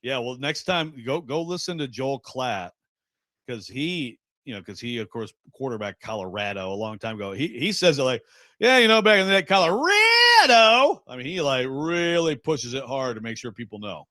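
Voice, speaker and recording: A man's voice: mid-range voice, expressive, moderate pace, fairly bright tone, dry recording. A man from Western Michigan co-hosting sports radio, chatting in a rambling, jokey way. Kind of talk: casual radio banter.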